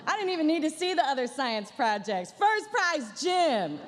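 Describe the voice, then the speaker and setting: A woman's voice: high-pitched, very animated, normal speed, big-room sound. A woman comedian doing a stand-up roast at a banquet dinner, with a dry, sarcastic delivery and playful asides. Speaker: comedian headlining a gala dinner. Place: large banquet hall.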